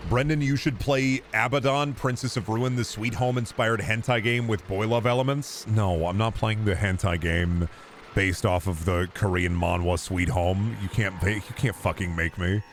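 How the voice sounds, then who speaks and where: A man's voice: fairly low pitch, fairly even intonation, moderate pace, faint music behind. Joking, cussing male game streamer. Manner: rambling, joking, swears freely. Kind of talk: casual gameplay commentary.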